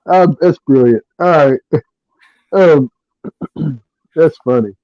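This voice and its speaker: A man's voice: a little high, takes it slowly, mellow, no room sound. A man co-hosting a podcast, chatting casually in a rambling way and laughing often. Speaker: podcast co-host. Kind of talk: casual chat. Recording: dull, lo-fi dry sound.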